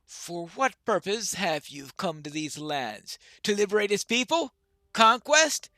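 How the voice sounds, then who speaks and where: A man's voice: a little high, sharp tone, dry recording, heavily acted. A man voicing a wary, grave male dwarf leader who speaks in a solemn, old-fashioned way.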